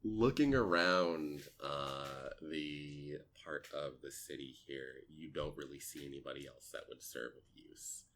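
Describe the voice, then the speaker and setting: A man's voice: a bass voice, a little slow, hardly any pauses, fairly bright tone. A man narrating as game master of a tabletop role-playing game, rambling with many fillers.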